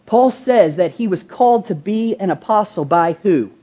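A woman pastor delivers a lively sermon, full of rhetorical questions and slowed, stressed words. Her voice is dark and mellow with a husky edge. She slips into everyday voices when quoting people. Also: medium pitch. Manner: animated preaching, rhetorical questions, stretching key words; acts out quoted voices in an everyday tone.

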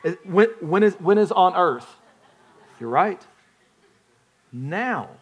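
A man's voice: sits high, animated, takes it slowly, husky. A man preaching a sermon in a conversational way, often putting questions to the congregation and restarting his phrases. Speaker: pastor.

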